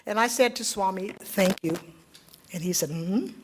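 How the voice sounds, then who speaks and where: An older woman giving a talk to a spiritual group, telling a personal story in an earnest, reflective way that drops quiet and then rises again. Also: medium pitch, normal speed, slight background noise. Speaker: speaker at a devotional meeting.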